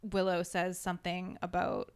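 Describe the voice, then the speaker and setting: A woman's voice: on the low side, completely flat delivery, moderate pace, slight background noise. A woman guest on a podcast, chatting casually and animatedly about a TV episode. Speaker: guest, host's sister. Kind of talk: casual chat.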